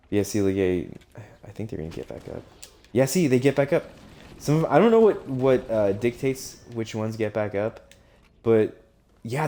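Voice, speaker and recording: A man's voice: mid-range voice, warm tone. A young man gushing and swearing through casual commentary while streaming a video game, laughing often. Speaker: gaming streamer. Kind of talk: casual let's-play commentary.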